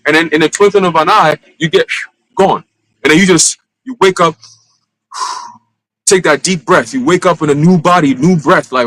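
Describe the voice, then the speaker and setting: A man teaching at a live church gathering, talking in a casual, animated way with street slang. His voice sits a little high for a man. He stumbles and restarts often while he makes his point. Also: a little fast, rough recording. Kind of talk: informal sermon.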